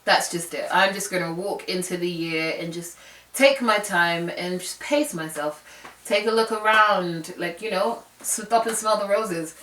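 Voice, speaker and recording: A woman's voice: on the low side, unhurried, fairly bright tone, distant mic, a little hiss or hum. A young woman telling a candid, rambling personal story in a reflective vlog. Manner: candid, rambling, many fillers. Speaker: vlogger. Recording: roomy, away from the mic.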